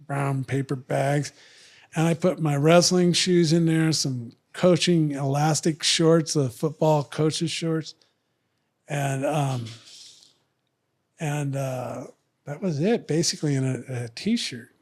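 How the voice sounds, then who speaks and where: A man's voice: fairly high pitch, takes it slowly. Older man telling a rambling story. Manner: rambling, jumps into voices of the people in his story. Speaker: podcast guest. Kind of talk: casual storytelling.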